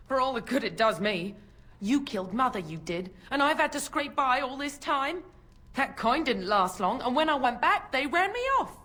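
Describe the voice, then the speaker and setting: A bitter, blunt washerwoman in a game scene. Her talk is coarse and resentful, set a little high, with a lively rise and fall. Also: normal speed. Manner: blunt, resentful, coarse working-class speech. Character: bitter poor washerwoman, grown sister.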